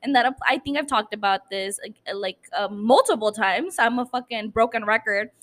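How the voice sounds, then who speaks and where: A woman's voice: on the high side, moderate pace, fairly bright tone. A woman hosting a podcast, recapping a TV episode in casual, chatty talk with casual swearing and self-mocking laughs. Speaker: podcast host.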